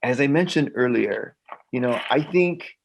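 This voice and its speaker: Animated middle-aged male actor, storytelling. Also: mid-range voice, a little slow, vocal fry, background noise. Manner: animated, repeats himself, acts out quoted dialogue. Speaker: actor, guest. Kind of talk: conversational storytelling.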